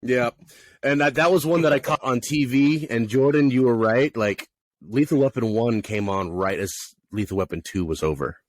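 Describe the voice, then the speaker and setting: A man co-hosting a casual movie review podcast, rambling and animated, often laughing and acting out lines. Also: mid-range voice, moderate pace, no echo. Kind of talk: casual chat.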